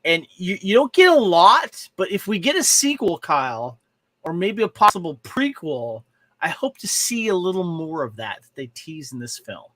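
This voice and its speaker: A man's voice: sits high, very animated, normal speed, a bit bright, a little hiss or hum. A man co-hosting a podcast, chatting casually and enthusiastically about movies in a rambling way. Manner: rambling and enthusiastic, full of restarts. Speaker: podcast co-host. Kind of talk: casual chat reviewing movies and shows.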